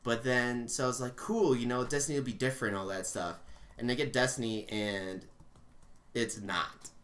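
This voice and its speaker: A man's voice: medium pitch, normal speed, a bit bright. A young man co-hosting a casual gaming podcast, ranting with lots of swearing and filler words. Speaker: podcast co-host.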